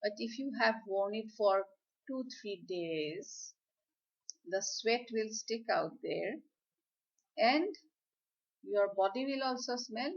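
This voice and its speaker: Female lecturer, unhurried instructive delivery, muffled lo-fi recording. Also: medium pitch. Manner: slow, deliberate, instructive. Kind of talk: slide lecture on communication skills. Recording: slightly dull, lo-fi audio.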